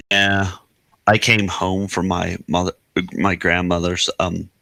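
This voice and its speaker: Man, game master, very low voice, slow, bright tone, dry close sound. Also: flat delivery, gravelly, no room sound. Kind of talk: casual chat between game sessions.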